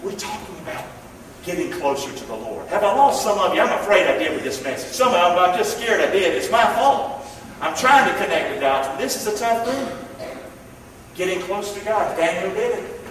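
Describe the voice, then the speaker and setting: A man preaching a sermon to a congregation, emphatic, calling out to the room and swinging between loud and soft. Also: high-pitched, expressive, brisk, slight background noise. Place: church. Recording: echoey church hall from far off, faint ambience.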